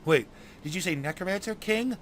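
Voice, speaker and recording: A man voicing a brisk young elf fairy woman who gives quick commands. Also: high voice, animated, very noisy. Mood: urgent.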